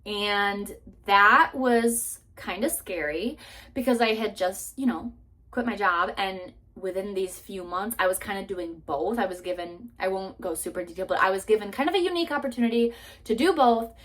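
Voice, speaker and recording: A woman's voice: mid-range voice, normal speed, a bit bright. A woman in her twenties talking candidly and earnestly in a sit-down vlog, full of likes and restarts, with casual swearing and moments close to tears. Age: 20s. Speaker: vlogger.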